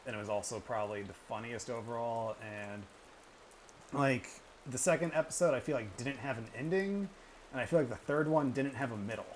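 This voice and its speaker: A man's voice: medium pitch, lively intonation, a little fast. Man leading a casual podcast chat. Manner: leads the talk, asks co-hosts questions. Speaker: podcast host.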